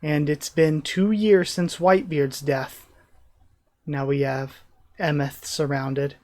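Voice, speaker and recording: A man hosting a live manga reaction, reading panels aloud and commenting excitedly. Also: on the high side, takes it slowly. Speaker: reaction channel host.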